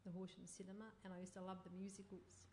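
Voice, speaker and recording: A woman in her sixties, a playwright on a festival panel, recalling her past in a steady, measured way. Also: medium pitch, a little hiss or hum. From Australia.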